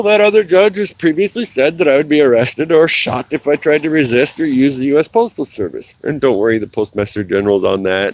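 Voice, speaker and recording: A middle-aged man ranting in a casual, rambling monologue, his voice swinging louder and higher when he gets angry. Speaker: channel host giving an update.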